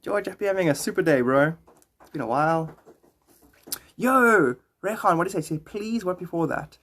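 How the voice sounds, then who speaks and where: A livestreamer with a fairly high male voice talks quickly and casually to his viewers. He rambles, cracks jokes, and greets people by name.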